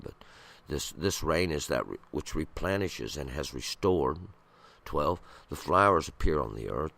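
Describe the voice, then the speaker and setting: Slow gravelly deep-voiced man reading scripture. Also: fairly bright tone. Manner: slow, halting, with many restarts and pauses. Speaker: Bible commentator.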